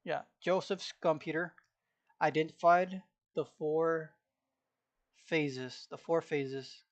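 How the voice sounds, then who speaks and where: Slightly hoarse young man studying aloud. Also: on the high side, slow pace, highs cut off. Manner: mutters and repeats phrases while taking notes. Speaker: student. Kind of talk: casual study vlog, reading aloud and memorizing.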